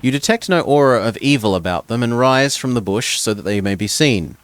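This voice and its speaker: A man's voice: medium pitch, lively intonation, fairly quick, clean tone, no echo. Man reading a gamebook, dry close sound. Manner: second-person narration with stumbles and casual asides. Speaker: gamebook reader.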